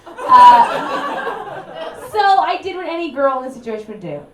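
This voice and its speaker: A young woman performing a stand-up comedy set in an apartment, with a brassy, punchy delivery and sudden loud bursts. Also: sits high, big pitch swings, takes it slowly, long pauses, very noisy. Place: small apartment room with a live audience. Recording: echoey room recorded from far off. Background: audience laughter.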